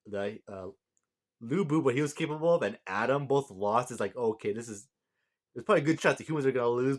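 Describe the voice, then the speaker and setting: A man giving a casual, rambling breakdown of a manga chapter, reading out lines and often laughing. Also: medium pitch. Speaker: manga reviewer.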